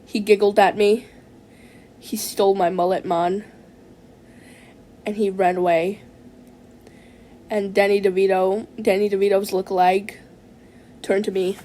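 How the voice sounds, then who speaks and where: A woman telling a comic story in character, rambling with halting restarts and tacking "man" onto nearly every phrase in a mock-serious, droning delivery. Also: mid-range voice, flat delivery, darkish tone, a little hiss or hum. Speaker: comedic vlogger telling a story.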